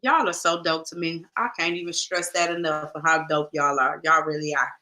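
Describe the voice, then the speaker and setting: A woman's voice: sits low, steady tone, brisk, pushed and bright. A woman hosting a casual podcast livestream, chatty and laughing, talking straight to her viewers. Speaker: podcast host.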